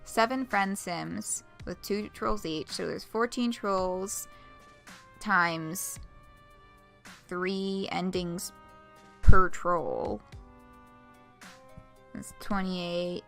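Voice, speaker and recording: A woman's voice: lowish voice, fairly even intonation, extremely slow, gravelly, pauses often, fairly bright tone, faint music behind. A woman streamer giving casual let's-play commentary while reading a game aloud, chatty, laughing often and swearing freely.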